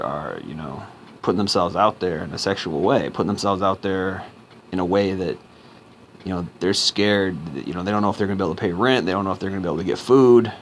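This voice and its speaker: A man with a fairly low voice talks in an unscripted vlog monologue. He is blunt and informal, looping back with repeated words and restarts as he goes. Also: a little hiss or hum. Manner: rambling, with frequent repeats and restarts; blunt and informal, with a short laugh now and then. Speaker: vlogger. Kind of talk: casual monologue.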